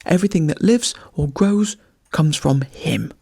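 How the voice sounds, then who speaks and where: Reader doing a crazed loyal hunting dog yelping in a storybook, gravelly and a bit husky. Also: mid-range voice, measured pace. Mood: frenzied. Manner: yelping, loud and frenzied. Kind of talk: bedtime story reading.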